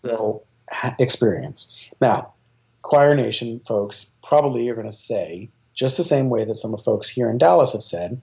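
A man's voice: mid-range voice, expressive, normal speed, creaky, a little mellow, highs cut off. A man, a choir director, talking as an interview guest, eager and rambling, with lots of fillers and restarts. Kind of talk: casual interview talk.

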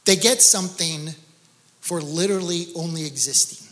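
A middle-aged male pastor preaching a sermon with animated, joking storytelling. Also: a little high, normal speed. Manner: animated storytelling with laughs and exclamations.

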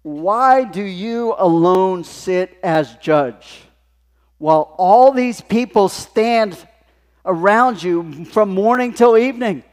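A man voicing an older male shepherd with a put-on Italian accent, asking blunt, drawn-out questions. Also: sits high, lively intonation, in a large hall, pitched above the performer's own voice. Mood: questioning.

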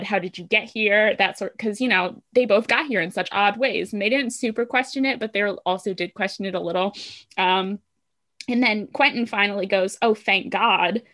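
A woman at a middle pitch chats casually through a plot recap. She retells scenes in a loose, relaxed way, with lots of ums and likes. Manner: chatty, relaxed retelling with filler words. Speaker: podcast co-host recapping a show. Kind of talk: casual chat.

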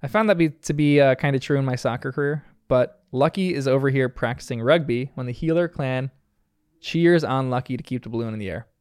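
Animated young man, smooth voice. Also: mid-range voice, fairly quick, no echo, studio quality. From United States. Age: young adult. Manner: animated, amused, laughs often. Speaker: episode reviewer. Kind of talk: casual commentary.

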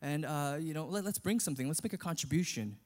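Eager chicken, bright and pushy, voiced by a preacher telling a story. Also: male voice, a little high, fast, big-room sound, lightly acted.

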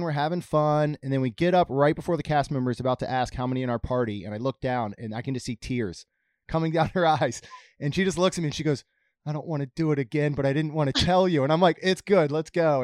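A man's voice: mid-range voice, a little mellow, no room sound, studio quality. Chatty man hosting a podcast. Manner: chatty storyteller, lots of fillers. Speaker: podcast host. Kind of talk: casual chat.

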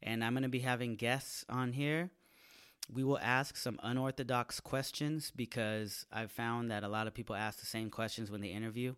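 A man's voice: mid-range voice, fairly even intonation, normal speed, a bit bright, clean tone. A man, a comedian, delivering a casual and crude comic monologue to his audience, full of slang and acted-out voices. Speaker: comedian hosting his own podcast.

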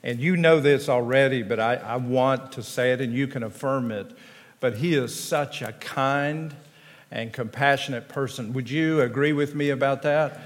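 A man in his fifties with a Tennessee accent, a pastor telling folksy stories at a chapel address, with halting restarts. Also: medium pitch, a little hiss or hum. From Tennessee, USA. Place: large chapel. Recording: long hall reverb.

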